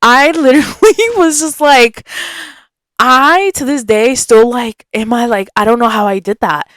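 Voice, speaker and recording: A young woman hosting a podcast, telling a story in a chatty, animated way and acting out what people said. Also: fairly high pitch, unhurried, no echo. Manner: animated, chatty, acts out quotes. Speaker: podcast host. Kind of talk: casual storytelling.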